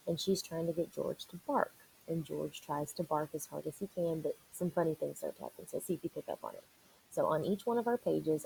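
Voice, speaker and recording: A woman's voice: deep voice, creaky, dark tone, slight background noise, poor audio. A woman teacher reading a picture book aloud to children, encouraging them and asking and answering questions as she goes. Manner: encouraging, asks and answers questions for young listeners.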